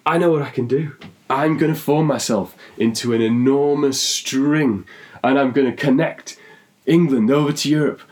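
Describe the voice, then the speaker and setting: A man's voice: sits low, dark tone, far from the mic. A man playing a hesitant, downcast pub-goer.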